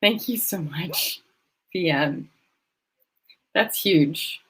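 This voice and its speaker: A woman's voice: fairly low pitch, very slow, a bit bright, husky, low-quality recording. A woman hosting a casual live stream from a hotel room, emotional and effusive as she thanks her viewers. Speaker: livestream host.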